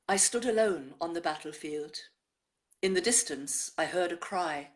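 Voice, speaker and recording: A woman presenting a show, chatting and reading listeners' poems aloud in a measured way. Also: fairly low pitch.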